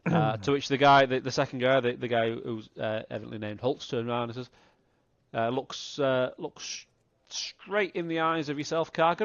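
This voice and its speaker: A man running a tabletop game, narrating the scene in halting bursts with lots of restarts. His voice is mid-pitched and recorded dry and a little dull, like an online call. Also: no room sound. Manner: halting, many fillers and restarts. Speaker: game master.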